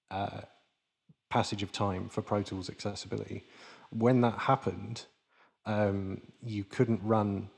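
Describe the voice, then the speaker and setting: A man giving a relaxed, chatty keynote to a live audience in a lecture hall, full of ums and asides. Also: fairly low pitch. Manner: chatty and informal, with frequent fillers. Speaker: keynote speaker. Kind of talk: casual conference keynote.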